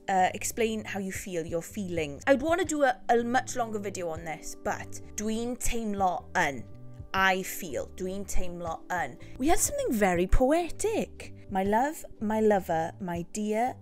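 A playful woman teaching phrases in a casual video lesson, her pitch rising and falling all over the place. She slows down on key words and breaks into laughter easily. Faint music sits behind her. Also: sing-song. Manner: playful, laughs often, drawls phrases slowly. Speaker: Welsh language teacher.

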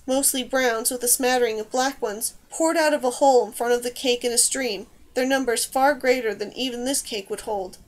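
A woman reading a novel aloud as an audiobook, with steady, even storytelling. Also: a little high. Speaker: audiobook reader. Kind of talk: scripted narration.

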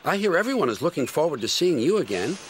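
Guy doing a loud friendly little diesel, quick and upbeat, music going. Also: fairly high pitch, sing-song, heavy background noise, pitched above the performer's own voice. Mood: welcoming. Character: small friendly helpful diesel engine.

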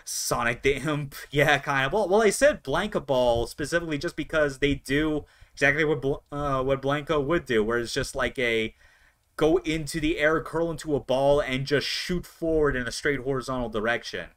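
A young man chatting excitably while live-streaming a video game. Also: medium pitch, normal speed. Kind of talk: live gameplay commentary.

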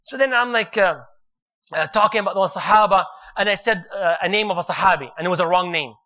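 Bright, animated male preacher. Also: high voice, fast talker. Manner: animated, jokes and laughs with audience. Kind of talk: sermon storytelling.

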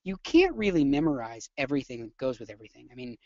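A nursing instructor teaching a live webinar lecture, energetic and chatty, often quizzing the audience. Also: mid-range voice, fast, dry recording, muffled recording.

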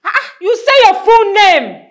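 A woman's voice: very high-pitched, big pitch swings, a little slow, exaggerated voice. A woman playing a strict, scornful schoolteacher in a comedy sketch, scolding with a Nigerian accent. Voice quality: scolding, sharp and mocking.

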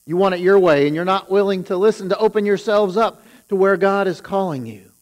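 A man preaching from the pulpit, his voice sitting a little high. He retells scripture in his own words and leans hard into each warning. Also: brisk, low-quality recording. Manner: paraphrases scripture with rising emphasis on the woes. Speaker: pastor. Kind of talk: sermon.

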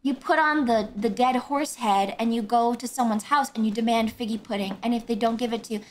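A woman chatting excitably and rambling while playing a game with a friend on stream. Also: a little high, fairly quick. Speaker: guest streamer. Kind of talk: casual gaming chat. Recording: noisy stream audio.

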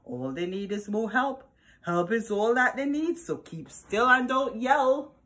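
A woman's voice: on the high side, lively intonation, measured pace, fairly bright tone. A woman doing the Cat in the Hat. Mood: coaxing. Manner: exclaiming, coaxing. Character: mischievous male cat in a tall hat, bossy.

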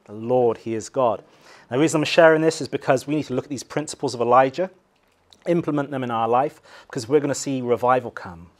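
A male pastor with an English accent preaching a sermon, swinging from loud acted cries to quiet, low emphasis.

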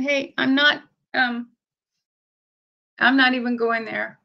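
A woman's voice: sits high, steady tone, takes it slowly, vocal fry, pauses often, sharp tone, highs cut off. A woman vlogging from home, talking casually to her viewers and her dogs, teary-eyed. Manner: chatty, tearful, talks to her dogs. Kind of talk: casual livestream chat.

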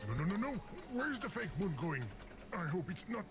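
A man's voice: sits high, sing-song, moderate pace. An actor voicing the game itself as a fussy male narrator who keeps scolding the player, with theatrical outbursts. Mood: flustered. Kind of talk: video game voice acting.

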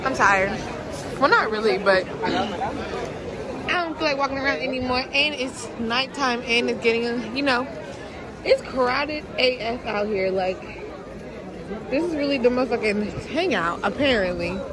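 A woman's voice: a little high, unhurried, pauses often, rough recording. A young woman vlogging on a handheld camera outdoors. She talks in a chatty, blunt way with casual swearing. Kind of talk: casual vlog narration. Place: outdoors on busy streets and hiking trails. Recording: crowd chatter and outdoor noise.

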